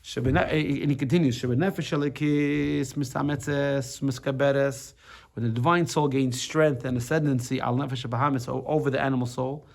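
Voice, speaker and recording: A man's voice: medium pitch, fairly even intonation, moderate pace, gravelly. A man teaching a casual class on a religious text, explaining with everyday examples, often restarting and repeating words.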